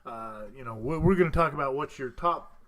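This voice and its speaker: Bright-voiced podcast host man. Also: medium pitch, fairly quick. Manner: joking, laughs often, many fillers. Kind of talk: casual podcast banter.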